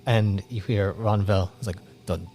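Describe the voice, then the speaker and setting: A man narrating as game master, halting with many restarts and fillers, laughing often. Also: fairly low pitch, fairly even intonation, faint music behind.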